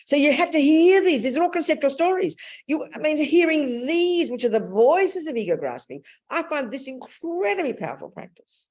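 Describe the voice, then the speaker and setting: An older woman giving a Buddhist dharma talk, blunt and animated, calling her listeners darling and sweetheart. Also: sits high, normal speed. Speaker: Buddhist teacher.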